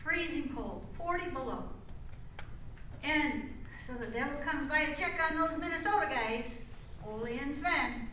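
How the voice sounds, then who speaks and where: Older woman, high bright voice, unhurried folksy joke-teller; distant mic in a big echoey hall. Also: lively intonation. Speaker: amateur performer. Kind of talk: folksy joke-telling on stage. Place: community hall stage. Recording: echoey hall from far off, faint noise.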